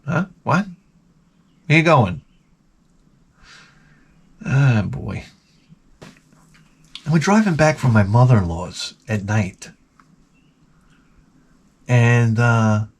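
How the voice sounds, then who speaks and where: A middle-aged man rants to his audience in a loose, profane, rambling way, riffing on strangers and his own life. His voice sits at an ordinary pitch but climbs into high mocking voices when he gets going. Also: vocal fry, breathy edge. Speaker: podcast host. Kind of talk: crude comedic rant.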